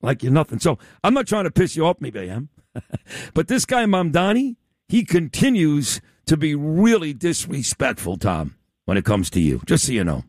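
A talk radio host with a fairly high voice that swoops up and down as he leans hard on key words. He sounds close and dry, with no room echo. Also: big pitch swings, normal speed, darkish tone. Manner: emphatic, sweeping pitch swings, teasing. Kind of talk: opinionated talk radio interview.

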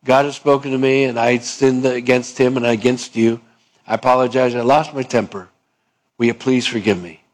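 A man's voice: medium pitch, fairly even intonation, normal speed, close to an everyday voice, poor audio. A man voicing a contrite man who humbly and earnestly asks for forgiveness. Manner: soft, earnest pleading.

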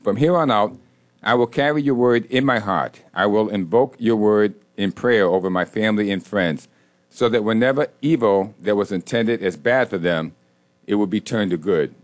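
A man's voice: on the low side, normal speed. A man co-hosting a casual talk show who leads a spoken prayer and jokes with the others. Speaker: co-host.

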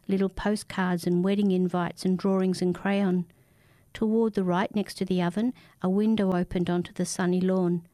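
A woman reading a dark fiction story aloud in a steady, measured narration. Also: lowish voice, no echo.

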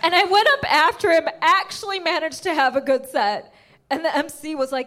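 A young woman doing stand-up with a high, bright-toned voice. She tells her story in an animated way and acts out her parents' lines as she goes. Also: normal speed. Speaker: stand-up comedian. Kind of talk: stand-up set.

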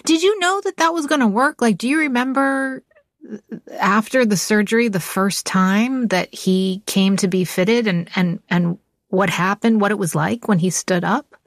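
A woman's voice: medium pitch, normal speed, dry recording. Curious woman host, dry studio sound. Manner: curious, asks follow-up questions. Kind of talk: interviewing.

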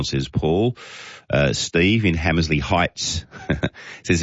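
Very deep-voiced Australian radio host. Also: male voice, takes it slowly, no room sound, lo-fi sound. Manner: chatty, reads listener texts with chuckles. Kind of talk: casual talkback radio.

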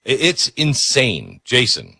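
Radio host guy, bright forceful voice, dry studio sound, kinda sarcastic. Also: medium pitch, wildly swooping pitch, slow pace, vocal fry, husky, no room sound. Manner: incredulous, sarcastic, with mock role-play. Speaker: radio talk show host. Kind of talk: talk radio commentary.

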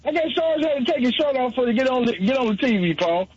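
High-voiced husky man teasing on a call. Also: animated, quick pace. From South Carolina. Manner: teasing, joking, roasting the host. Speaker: caller. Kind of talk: call-in radio banter. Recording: dull lo-fi phone call audio.

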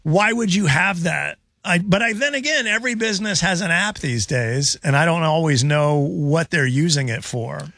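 A man's voice: on the high side, lively intonation, moderate pace, creaky, hardly any pauses, a bit bright, no echo. A man hosting a radio show, bantering with wry, dry jokes.

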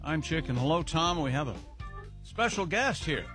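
A man hosting a morning radio comedy show, introducing the crew in an animated, joking manner. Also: on the high side, moderate pace, faint music behind.

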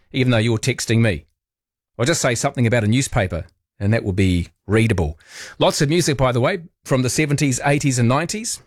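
A man's voice: mid-range voice, animated, brisk, dry recording. Kiwi guy hosting radio, reading texts, wry and chatty, dry close mic. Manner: chatty, wry, gently teasing. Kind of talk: casual late-night radio chat.

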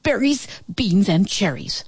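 A woman voicing an eager young male farm dog who shouts as he chases a thief in a storybook reading. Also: mid-range voice, measured pace, slightly rough, no room sound, studio quality, heavily acted. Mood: earnest. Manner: excited barking shouts.

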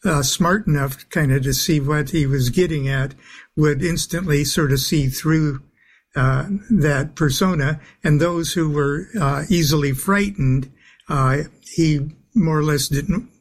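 A man speaking as a guest on a talk radio show, halting and full of filler sounds, with soft chuckles. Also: a little high. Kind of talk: phone-in talk radio interview.

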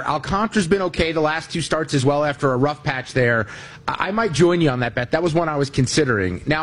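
A man co-hosting a sports betting show, chatting easily about his plays. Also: a little high. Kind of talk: casual betting talk.

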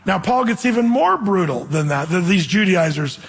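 Man preaching, high voice, husky tone, long echo of a church hall, emphatic and chatty. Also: animated, normal speed. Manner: emphatic, conversational preaching with acted quotes. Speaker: pastor. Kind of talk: sermon.

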